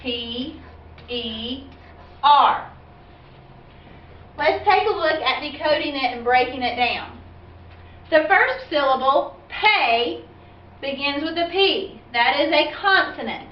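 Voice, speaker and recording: A woman teacher giving a phonics lesson for parents and children, explaining slowly and patiently and asking questions as she goes. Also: high voice, lively intonation. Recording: echoey, dull, distant from the mic.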